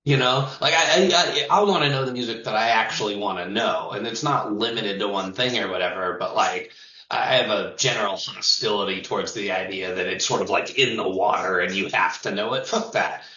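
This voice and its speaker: A man's voice: on the low side, brisk, bright, forceful tone, echoey room, recorded from a distance, muffled recording. A man who sings in a touring metal band, chatting loosely in an interview, swearing and laughing as he talks. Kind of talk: casual interview chat.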